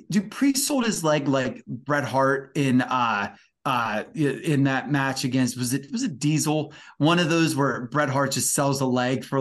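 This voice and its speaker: A man co-hosting a wrestling podcast, talking in an excited, rambling way with many fillers. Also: mid-range voice. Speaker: podcast co-host. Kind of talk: casual wrestling review chat.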